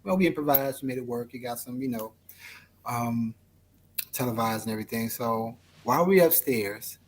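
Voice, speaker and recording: A man's voice: medium pitch, normal speed, slight background noise. A man as an interview guest, telling a story in a laid-back, rambling way full of fillers. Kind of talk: casual storytelling.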